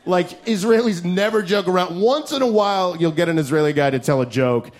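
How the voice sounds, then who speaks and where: A man doing a stand-up set, brash and profane, shouting his punchlines on a handheld stage mic. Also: high-pitched, fairly quick. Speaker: stand-up comedian. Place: comedy club stage. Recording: crowd laughter, noisy club. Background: laughing crowd.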